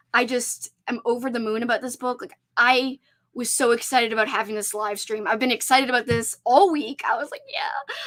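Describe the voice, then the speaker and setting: A young woman hosts a live book club stream from a room in her home. She talks in an effusive, gushing way, full of likes and restarts. Her voice sits a little higher than most women's. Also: fairly bright tone. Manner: effusive, gushing, many fillers.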